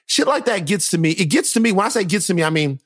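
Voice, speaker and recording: A man hosting a podcast, telling a story in an animated, casual way. He repeats phrases for effect and swears freely. His voice sits somewhat high and sounds dry and close. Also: quick pace, no room sound. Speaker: podcast host.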